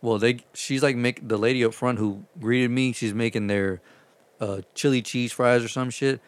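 A man's voice: medium pitch, normal speed, no room sound. A man telling rambling, profane stories about his delivery driving in a casual chat. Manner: profane, rambling, animated retelling.

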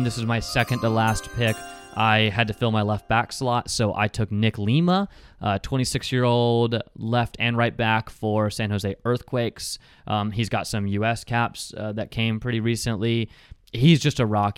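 A man co-hosting a casual sports podcast, chatty and quick, with lots of fillers and asides. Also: medium pitch, fairly even intonation, smooth, dry recording. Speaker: podcast co-host.

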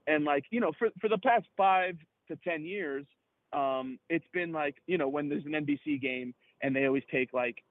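Excitable man on a tinny phone line. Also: fairly high pitch, normal speed, no room sound. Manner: excitable, profane, rambling with many fillers. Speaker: podcast co-host. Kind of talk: casual sports chat.

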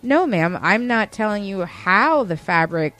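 A woman's voice: mid-range voice, measured pace, faint music behind. A woman in her thirties casually telling a story, mimicking the people in it with lots of "like" fillers. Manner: animated, acts out customers in quoted voices, many "like" fillers. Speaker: podcast co-host telling a retail story.

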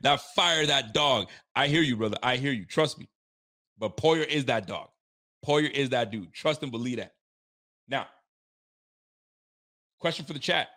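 A young man hosting a sports fan livestream, ranting with animated energy, swearing freely and repeating catchphrases. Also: medium pitch, measured pace, pauses often. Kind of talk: casual fired-up sports commentary.

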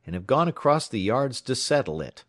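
A man's voice: medium pitch, very animated, moderate pace, fairly bright tone, dry recording, studio quality, voice pushed up. A man voicing a worried male railroad timekeeper who talks urgently. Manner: urgent, pleading.

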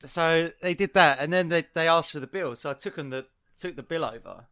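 Guy telling a restaurant story, bright voice, quotes people all loud and animated. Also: fairly high pitch, a little fast, dry recording, clean studio sound. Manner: animated, acts out quotes with rising exclamations. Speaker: podcast co-host. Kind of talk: casual storytelling chat.

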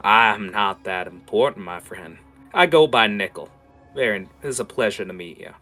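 A man's voice: on the low side, lively intonation, moderate pace, sharp tone, soft background music. A man putting on a sly, gracious rabbit-faced stranger. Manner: gracious, smooth-talking.

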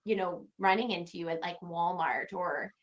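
A woman guest on a podcast, chatting casually and telling animated stories with frequent laughter. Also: lowish voice, moderate pace, highs cut off. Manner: animated storyteller, laughs often. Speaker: podcast guest, home renovation creator.

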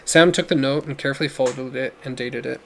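A man narrates a story audiobook in a measured, even manner. His voice is gravelly, at an ordinary middle pitch. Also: slight background noise.

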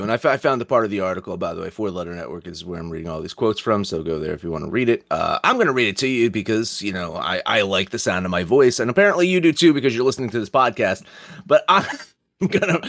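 Male podcast host, low dry voice, rambling and profane. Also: expressive, fast talker, vocal fry, a bit bright, no room sound. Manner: rambling, swears often, reads quotes aloud. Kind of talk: casual profane sports betting chat.

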